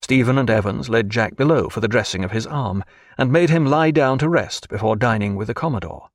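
A man narrating a novel as an audiobook, expressive and varied. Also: medium pitch, brisk, dry recording, clean studio sound.

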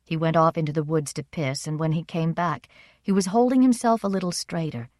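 A woman narrating a first-person story in a measured, expressive reading. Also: low-pitched, no room sound, clean studio sound. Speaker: audiobook narrator.

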